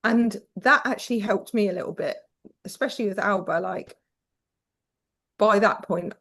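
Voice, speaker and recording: A woman's voice: mid-range voice, moderate pace, fairly bright tone. A British woman guest telling parenting stories frankly, swearing casually and acting out quoted voices. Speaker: podcast guest. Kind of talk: candid conversational storytelling.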